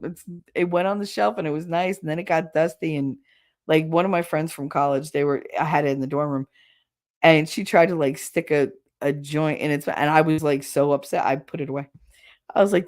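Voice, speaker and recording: Middle-aged woman host, loose rambling live-chat delivery, slightly low voice. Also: steady tone, fairly quick. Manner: chatty and rambling, laughs often. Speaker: livestream host reading chat. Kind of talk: casual chat.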